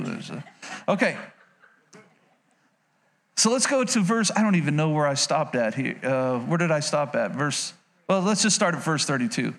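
A man's voice: fairly high pitch, very animated, moderate pace, pauses often, a bit bright. A male pastor preaching a sermon to a congregation in a church. He preaches with energy, breaks into playful asides, and calls out to the people listening.

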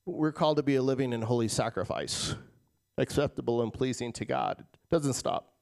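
Animated preaching man, casual asides. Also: mid-range voice, normal speed, vocal fry. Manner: animated, swings from loud emphasis to quiet asides; casual, addresses crowd as guys. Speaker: pastor. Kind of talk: sermon.

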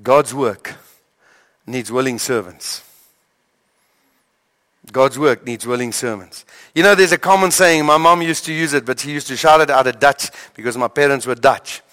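A man's voice: mid-range voice, a bit bright. Storytelling male pastor in a reverberant hall. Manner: storytelling, dramatic pauses and stammered repeats. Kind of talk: sermon. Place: church hall.

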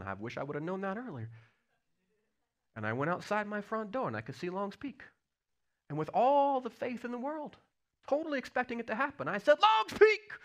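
A man preaching a sermon, telling stories with swings between loud bursts and hushed lines. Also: fairly high pitch. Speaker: pastor.

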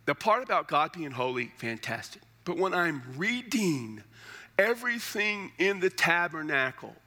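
A man's voice: fairly high pitch, sing-song, moderate pace, bright, forceful tone. A middle-aged male pastor preaching a sermon in a conversational, joking way with emphatic asides.

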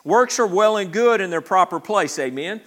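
A man's voice: high voice, lively intonation, normal speed. A man preaching a sermon as pastor, talking conversationally with many restarts and asking the congregation for responses. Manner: conversational preaching with frequent restarts and repeated words.

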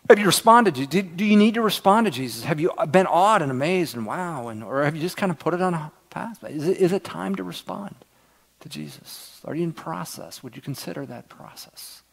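Middle-aged male pastor, somewhat high voice, earnest sermon delivery with hushed passages. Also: lively intonation, fairly quick, gravelly. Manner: earnest, swings from loud emphasis to near-whispers.

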